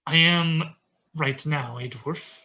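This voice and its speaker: A game master voicing a gruff, wise old male dwarf master who speaks slowly and calmly. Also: medium pitch.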